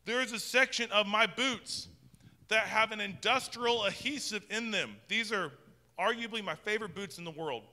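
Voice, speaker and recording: Bright-voiced pastor preaching in a reverberant hall. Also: male voice, high-pitched. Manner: conversational preaching with frequent restarts. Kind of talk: sermon. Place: church sanctuary with long reverb.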